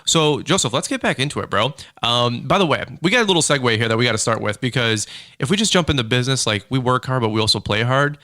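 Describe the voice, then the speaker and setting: Guy hosting a podcast, talks fast, bright punchy voice, says bro and dude constantly. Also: mid-range voice, dry recording, clean studio sound. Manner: animated storyteller, acts out quotes, says "bro" and "dude" a lot. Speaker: podcast host. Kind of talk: casual chat. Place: home studio.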